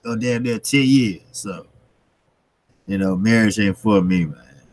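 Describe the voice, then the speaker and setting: A man's voice: on the low side, measured pace, a little mellow, no echo, poor audio. A middle-aged man hosting his own channel, chatting loosely to his viewers with lots of fillers and laughs. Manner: loose and rambling, many fillers, laughs often. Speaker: channel host. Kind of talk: casual chat to camera and viewers.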